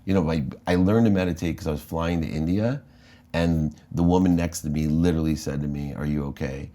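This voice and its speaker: An American man, a guest in an interview, telling an animated story about his life and acting out the dialogue. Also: low-pitched, brisk. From United States.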